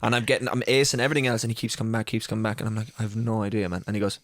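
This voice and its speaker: A man's voice: fairly low pitch, racing, dry recording. Laughing young man telling a story. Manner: animated, laughing storyteller, swears freely. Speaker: podcast co-host. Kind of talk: casual storytelling chat.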